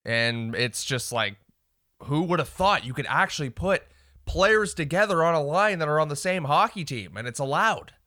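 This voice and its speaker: Bright-voiced laid-back podcast guy. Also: fairly high pitch, expressive, normal speed, no room sound, clean studio sound. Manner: laid-back, blunt, chatty. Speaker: podcast co-host. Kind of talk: casual sports chat.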